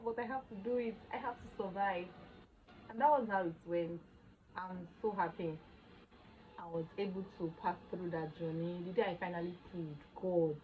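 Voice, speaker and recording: A young woman gives an animated, emotional first-person testimony for her vlog. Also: on the low side, brisk, phone-quality sound, a little hiss or hum. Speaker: vlogger.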